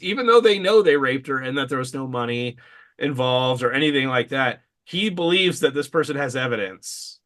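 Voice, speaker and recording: A man's voice: medium pitch, animated, normal speed, a bit bright. A man co-hosting a casual film podcast, recapping the plot with sarcastic asides. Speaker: podcast co-host. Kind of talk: casual film review chat.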